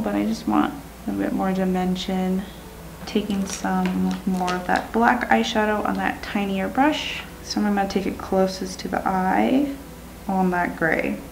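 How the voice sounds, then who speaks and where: Gravelly-voiced woman teaching makeup. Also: mid-range voice, low-quality recording. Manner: calm talk-through while working, sometimes dropping to a whisper. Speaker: makeup tutorial host. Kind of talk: step-by-step makeup instruction.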